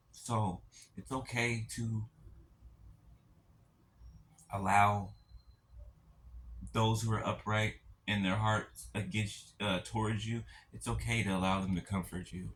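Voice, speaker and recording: Soft-spoken man giving spiritual encouragement. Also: lowish voice. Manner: gentle, halting, keeps asking "right?". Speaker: spiritual speaker addressing viewers. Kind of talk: heartfelt spiritual encouragement talk.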